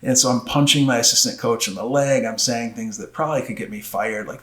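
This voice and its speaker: Animated middle-aged man telling a story. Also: a little fast. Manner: animated storyteller, acts out quotes with rising pitch. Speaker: podcast guest, former wrestling coach. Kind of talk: storytelling in casual conversation. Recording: roomy echo.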